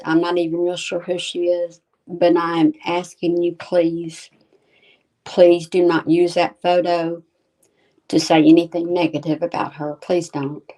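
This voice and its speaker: A woman speaking slowly and politely in an earnest, pleading way. Her voice is low and flat. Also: rough recording.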